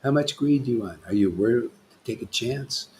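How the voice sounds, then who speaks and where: A man giving a devotional sermon as a spiritual master, scolding and emphatic, swinging from loud declarations to hushed asides. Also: mid-range voice, expressive, normal speed, slight background noise.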